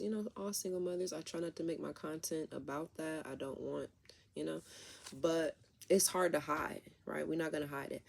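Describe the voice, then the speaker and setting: Gravelly-voiced woman chatting through a tarot reading. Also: low voice, a little mellow. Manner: rambling, talks straight to viewers. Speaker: tarot reader.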